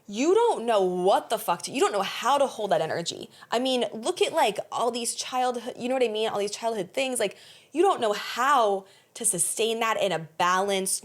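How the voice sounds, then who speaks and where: Blunt, swearing woman podcast host. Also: medium pitch. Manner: blunt, swears often, animated laughing. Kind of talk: casual podcast conversation.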